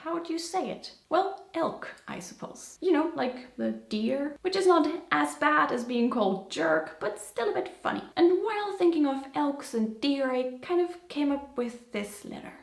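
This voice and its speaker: High-pitched German woman, playful presenter. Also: very animated, normal speed, vocal fry, few pauses. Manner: playful, chatty, jokey. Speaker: YouTuber. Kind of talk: scripted presenting. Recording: roomy echo.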